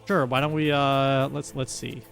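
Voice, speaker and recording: A man's voice: mid-range voice, level tone, unhurried, vocal fry, fairly bright tone, soft background music. A man hosting a live stream, joking and hyped as he talks straight to his chat. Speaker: livestream host.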